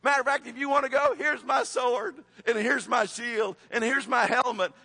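A man voicing a tall king who is eager and impressed, speaking in an animated way. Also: very high voice, normal speed, creaky, in a large hall, voice pushed up, exaggerated voice.

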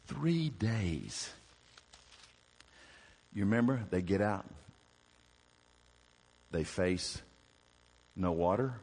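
Baptist preacher guy, lowish voice, storytelling sermon, long echo off the church walls. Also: takes it slowly, pauses often. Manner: animated storytelling, asks the congregation questions.

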